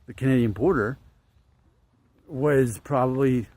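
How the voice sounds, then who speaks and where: A man's voice: mid-range voice, measured pace, a little mellow, no room sound. A man in his late thirties from northern Alabama, talking through his thoughts in a casual, musing monologue for his viewers. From northern Alabama, United States. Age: late 30s. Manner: musing, repeats himself, trails off. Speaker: vlogger.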